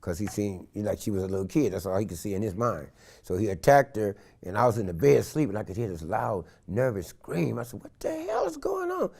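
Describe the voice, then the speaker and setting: A man in his sixties from San Francisco, a guest in an interview, telling stories with animated energy and acting out the voices of the people in them. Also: lowish voice, brisk, vocal fry. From San Francisco, California. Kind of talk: animated storytelling. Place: studio interview set.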